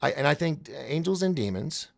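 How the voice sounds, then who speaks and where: A man's voice: a little high, expressive, normal speed, vocal fry. A man hosting a live stream in casual chat, rambling and restarting as he reads the chat aloud.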